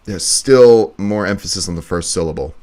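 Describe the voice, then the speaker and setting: This video editor streams live while he works, thinking aloud and muttering casually to himself. His voice is low and darkish in tone, at a moderate pace.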